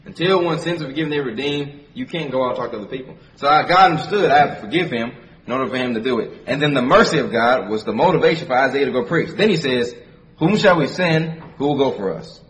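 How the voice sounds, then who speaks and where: A preacher with a mid-range voice talks fast and animatedly, sounding a bit bright. He reads scripture in King James wording, then explains it conversationally, repeating phrases for emphasis. The mic is distant, with faint background noise.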